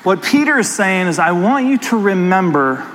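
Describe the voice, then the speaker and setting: A pastor delivering a sermon with an animated personal story, talking straight to his congregation. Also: sits high, normal speed, in a large hall, a little hiss or hum, rough recording.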